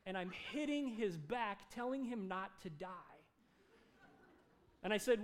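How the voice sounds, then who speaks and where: A male pastor preaching a sermon, telling a story with animated delivery and acted-out dialogue. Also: sits high, normal speed. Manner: animated, acts out dialogue in his stories.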